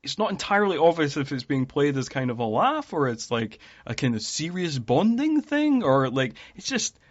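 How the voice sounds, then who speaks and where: A man's voice: fairly high pitch, big pitch swings, moderate pace. A man hosting a podcast, talking about a film in a wry, laughing manner. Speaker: podcast host. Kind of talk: casual film discussion. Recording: dull lo-fi sound.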